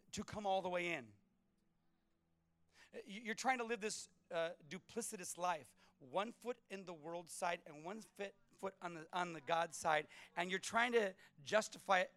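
A middle-aged male pastor with a fairly high voice preaches with lively storytelling. He swings from loud, punchy lines to quiet, intimate asides. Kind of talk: sermon with personal stories.

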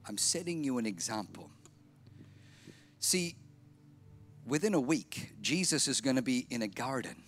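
A man preaching a sermon, emphatic and repetitive, slowing down and softening for effect. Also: mid-range voice, expressive. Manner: emphatic, repetitive, drops to slow quiet lines for effect. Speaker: pastor.

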